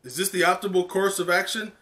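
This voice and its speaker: A man voicing a formal school official, reading haltingly with many fillers. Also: high voice, fairly even intonation, bright, forceful tone, pitched above the performer's own voice.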